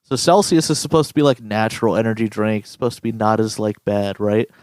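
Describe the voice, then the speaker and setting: A young man co-hosting a podcast in casual chat, swearing often and telling stories with animated impressions. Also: on the low side, fairly quick, no room sound, clean studio sound. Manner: profane, animated storyteller. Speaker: podcast co-host.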